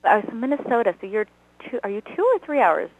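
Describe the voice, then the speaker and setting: A chatty woman guest in a casual interview, laughing easily and poking fun at herself. Her voice sits at an ordinary middle pitch. The sound is dry and close, with no room around it. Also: animated, quick pace, dry recording, highs cut off. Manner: chatty, laughs often, self-deprecating. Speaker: guest, comedy actor. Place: Los Angeles.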